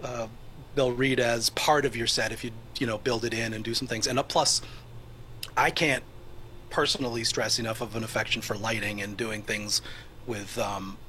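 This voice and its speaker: Man, guest, rambling with fillers, bright crisp tone, faint background noise. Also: medium pitch, steady tone, normal speed. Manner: rambling, thinks aloud with many fillers. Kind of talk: casual panel chat.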